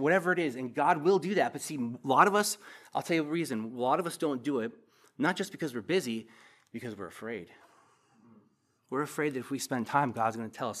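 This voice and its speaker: A middle-aged man preaching a sermon as a pastor in a church, passionate, with loud emphatic bursts and quiet asides. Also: a little high, quick pace.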